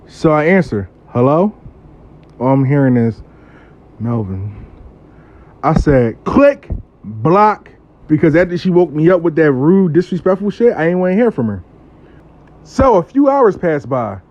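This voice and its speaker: A man tells a casual story with blunt, cussing energy, his voice sitting fairly high and swinging up and down a lot. The audio is dull and a bit lo-fi. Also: normal speed. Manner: profane, blunt, animated, acts out the voices. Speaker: spiritual worker telling a client story.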